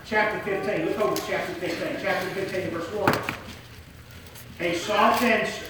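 In a large church hall, a man with a high voice preaches emphatically at a moderate pace, his intonation fairly even. He repeats key phrases and jokes with the congregation while hot and sweating. The recording is echoey, his voice coming from far off.

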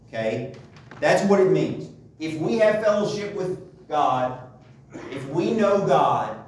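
A man's voice: a little high, a little hiss or hum. A man teaching a Bible study lesson, asking rhetorical questions and checking in with his listeners as he goes. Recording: echoey room, voice from far off.

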